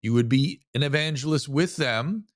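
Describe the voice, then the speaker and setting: A man's voice: mid-range voice, normal speed, no room sound. Man talking animatedly, dry close sound. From United States. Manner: animated storytelling with frequent restarts. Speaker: physician, interview guest. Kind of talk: casual interview conversation.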